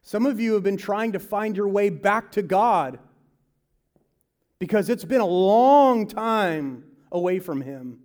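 A man delivers a sermon in a rather high voice, taking his time over the words. He swings between loud, emphatic stretches and hushed, quiet ones, and drops into quick mimicry of pushy salesmen and advisers. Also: animated. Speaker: pastor.

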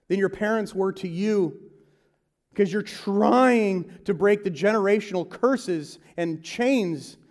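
A man preaching a sermon, swinging from loud to hushed, slipping into quick mimicry of salesmen and advisers. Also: sits high. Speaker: pastor.

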